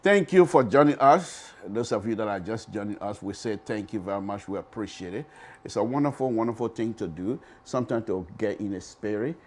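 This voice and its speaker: A man's voice: fairly low pitch, animated, brisk, a little mellow, a little hiss or hum. A middle-aged man with a Liberian accent hosting a radio talk show, who repeats his phrases for emphasis and keeps calling his listeners folks.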